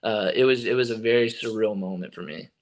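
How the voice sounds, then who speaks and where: Young man telling a lively story. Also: lowish voice, brisk. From Texas. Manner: animated storyteller, acting out quotes. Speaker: baseball pitcher guest. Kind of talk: casual interview.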